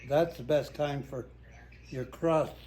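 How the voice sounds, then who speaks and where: Eating in his home kitchen, an older husband makes plain, matter-of-fact small talk. His voice is on the high side with a dark tone, fairly even intonation, and a slow pace.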